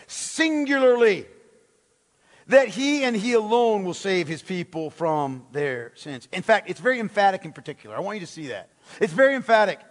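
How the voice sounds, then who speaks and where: A man's voice: very high voice, fairly bright tone. A man preaching a sermon as pastor, emphatic, with rhetorical questions and words repeated for stress. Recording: long hall reverb.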